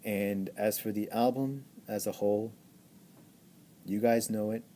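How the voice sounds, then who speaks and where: A man's voice: fairly low pitch, steady tone, a little slow, dark tone, a little hiss or hum. A man giving an enthusiastic album review, gushing and repeating himself with many stammered restarts. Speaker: music reviewer.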